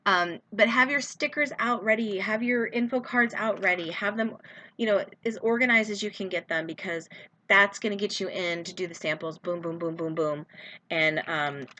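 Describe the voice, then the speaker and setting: A woman's voice: mid-range voice, normal speed, sharp tone, a little hiss or hum. Chatty woman giving casual sales tips. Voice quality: chatty, lots of fillers and asides. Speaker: direct sales consultant. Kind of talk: casual how-to video.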